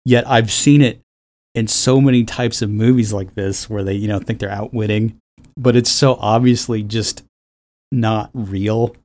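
A man's voice: on the low side, fairly even intonation, a little slow, darkish tone. A man co-hosting a podcast in casual chat, talking in a rambling, wry way and swearing freely. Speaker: podcast co-host.

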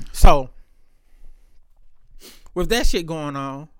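A man with a higher-than-usual voice tells stories in a loose, candid, heavily profane monologue. He is recorded close and dry, with no room sound around him. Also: expressive, drawn-out words, creaky, fairly bright tone, no echo. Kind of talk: casual storytelling monologue.

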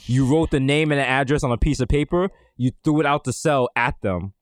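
A man's voice: mid-range voice, fairly quick, no echo. A man co-hosting a casual comedic podcast, riffing and joking, recorded at a studio mic. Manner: joking, riffing, puts on voices for quotes. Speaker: podcast co-host. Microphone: studio microphone.

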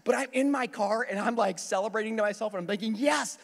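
Middle-aged male pastor, high and very animated voice, lively storytelling sermon, long church reverb. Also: fast talker. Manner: animated storytelling, acting out his own panicked prayers. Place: church auditorium.

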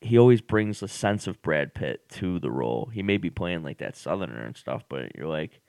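A man's voice: a bass voice, big pitch swings, moderate pace, gravelly, a little mellow, no echo. A man co-hosting a podcast in casual chat, rambling with many fillers and restarts. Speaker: podcast co-host.

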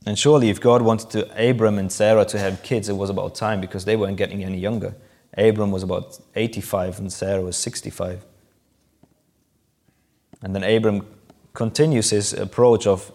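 A man with a fairly low voice preaches a sermon, walking listeners through a scripture passage. He explains in a conversational way and lifts his voice to act out the quoted lines. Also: steady tone, normal speed, darkish tone. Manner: explanatory, acts out quoted lines with rising emphasis.

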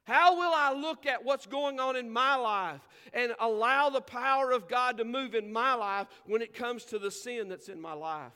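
A man preaching a sermon as pastor, with emphatic delivery, drawn-out scripture quotes and conversational asides to the congregation. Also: extremely high pitch, sharp tone, clear, resonant tone, big-room sound. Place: church sanctuary.

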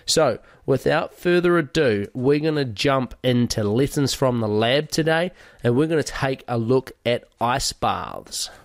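A man's voice: mid-range voice, animated, a little slow, dry recording. Conversational male podcast host, dry sound. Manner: conversational, explains with lists and fillers. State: recovering from a cold. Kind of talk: podcast monologue.

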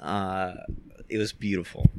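A man's voice: deep voice, flat delivery, measured pace, clean tone. A man chatting on a podcast while tipsy, self-deprecating and trailing off mid-thought. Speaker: podcast guest. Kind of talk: casual chat.

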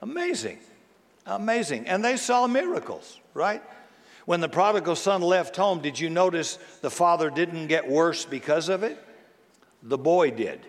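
A man's voice: fairly high pitch, expressive, unhurried. A man preaching a sermon to his congregation in a casual, conversational way, often asking the listeners rhetorical questions. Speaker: pastor. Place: church sanctuary. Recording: long reverb of a large church.

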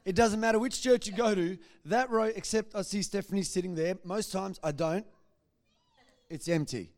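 Animated man telling his testimony. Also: sits high, moderate pace. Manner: animated storytelling, acting out what people said. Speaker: guest speaker giving testimony. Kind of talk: church testimony to an audience.

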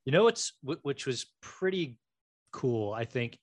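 Dry-sounding animated male podcast host. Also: medium pitch, no echo. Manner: animated, quick jokes, runs the quiz segment. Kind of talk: casual movie chat.

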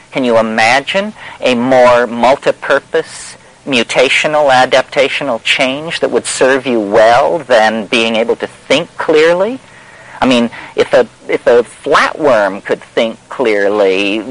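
A man's voice: mid-range voice, rough recording. A man giving a discursive spoken talk in a wry, meandering and emphatic way, full of fillers. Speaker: lecturer.

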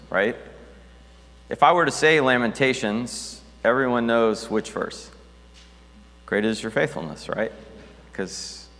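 A man's voice: medium pitch, a bit bright, long reverb tail. A man preaching a sermon as pastor, talking conversationally with restarts and reading scripture aloud.

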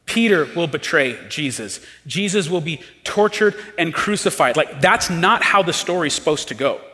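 A man preaching a sermon as pastor, earnest, rising to emphatic pleas and dropping low and quiet. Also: expressive, normal speed, long reverb tail.

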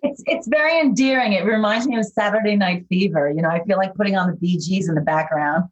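An older actress with a faint New York accent, chatting warmly and enthusiastically as a guest, with lots of fillers. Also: female voice, medium pitch, fast talker. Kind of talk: casual interview chat. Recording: dull, lo-fi sound.

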